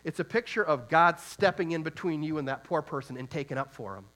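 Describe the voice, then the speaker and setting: A man preaching a sermon in an earnest way, reading scripture aloud and asking rhetorical questions, moving from soft, slow reflection to loud, emphatic urging. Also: fairly high pitch.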